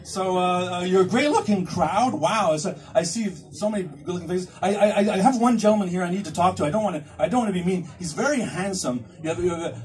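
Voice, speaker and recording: A man's voice: high voice, fast, hardly any pauses. A male stand-up comedian performing live in a cinema, rambling and self-mocking, with stammering restarts. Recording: far from the mic, loud crowd laughter.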